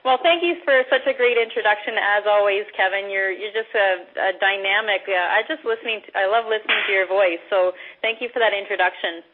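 A middle-aged woman from Canada giving a motivational talk as a guest speaker, loud, direct and upbeat. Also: mid-range voice, fairly quick, few pauses, background noise. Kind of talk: motivational talk on a conference call. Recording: phone-line conference call.

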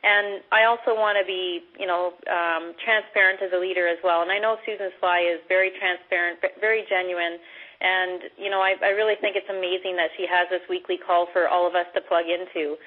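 A middle-aged woman from Canada giving a motivational talk as a guest speaker, loud, direct and upbeat. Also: mid-range voice. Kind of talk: motivational talk on a conference call. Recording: phone-line conference call.

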